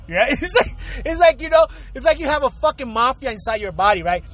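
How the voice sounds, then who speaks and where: A man's voice: very high-pitched, sing-song, a little fast, hardly any pauses, fairly bright tone. A man hosting his own show, ranting from his car in traffic, swearing often, laughing and asking rhetorical questions. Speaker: show host. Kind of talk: profane comedic rant.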